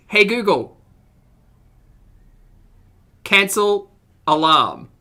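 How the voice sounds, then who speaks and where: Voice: medium pitch, big pitch swings, extremely slow, bright, forceful tone. A reaction streamer giving casual commentary on a video, full of chatty, self-deprecating asides.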